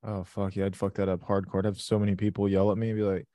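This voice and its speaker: A man hosting a live trading stream, chatting casually, excitable and swearing constantly. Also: low voice, quick pace, few pauses, dry recording, clean studio sound. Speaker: livestream trading host.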